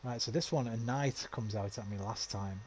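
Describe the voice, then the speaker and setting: A man's voice: lowish voice, normal speed, darkish tone, slight background noise. A man with a West Midlands accent giving casual, rambling commentary while streaming a game, swearing freely. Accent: West Midlands English.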